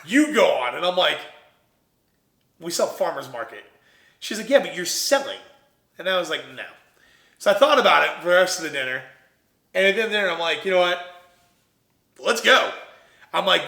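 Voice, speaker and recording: A young man from Ohio, an entrepreneur guest, telling his story in a casual, animated way and acting out what others said. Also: high voice, vocal fry, roomy sound. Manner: animated, quotes himself and others in lively voices.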